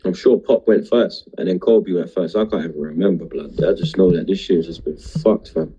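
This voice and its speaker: Young man, low and husky, drunk and emotional, rambling livestream chat in street slang. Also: moderate pace, warm tone, dull audio. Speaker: livestream host.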